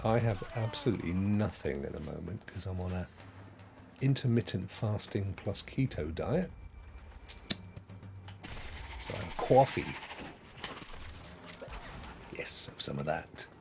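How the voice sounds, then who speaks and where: A man streams a game and rambles along in a low, gravelly voice that still bounces lively up and down. He chats and laughs often. Loud game sound rattles behind him. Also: normal speed, background noise. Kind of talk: casual gameplay commentary.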